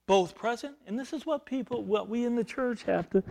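A man preaching a verse-by-verse sermon, explaining grammar and repeating phrases for emphasis, swinging between loud stressed words and quiet, low asides. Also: brisk, creaky, lo-fi sound, slight background noise. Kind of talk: expository sermon.

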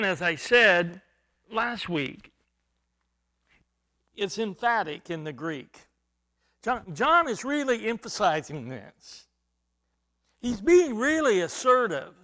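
A man preaching an expository sermon, emphatic and repeating himself, dropping at times to a hushed near-whisper. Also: high-pitched. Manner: repeats and restarts words while reaching for a point.

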